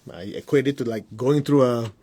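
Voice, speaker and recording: A man who works as a spiritual teacher, giving a casual teaching on a live stream. He talks conversationally, keeps asking whether things make sense, and mimics his students in high voices. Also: a little fast, mellow, slight background noise. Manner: conversational, asks the audience whether it makes sense.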